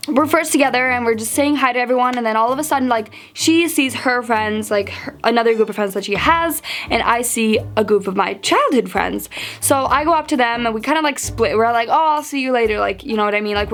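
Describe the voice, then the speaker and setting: A teenage girl telling a story to camera in a chatty, animated way, full of fillers and acted-out quotes. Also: fairly high pitch, brisk, soft background music. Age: teens. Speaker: vlogger. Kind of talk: storytime vlog.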